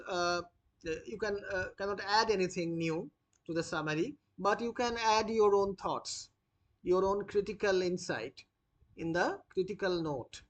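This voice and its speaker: A literature teacher dictates notes for students at a deliberately slow pace. Each phrase is repeated, and key words are spelled out one letter at a time. While explaining, the teacher pauses often with "uh". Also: mid-range voice. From India. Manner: frequent "uh" fillers when explaining. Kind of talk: dictated lesson.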